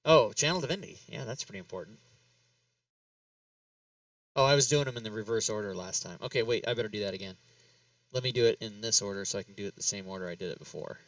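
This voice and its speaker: A man's voice: lowish voice, quick pace, long pauses, a bit bright, no room sound, far from the mic, poor audio. A man hosting a casual talk show, rambling and laughing as he talks himself through steps on a computer over voice chat. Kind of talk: casual chat while working in game software.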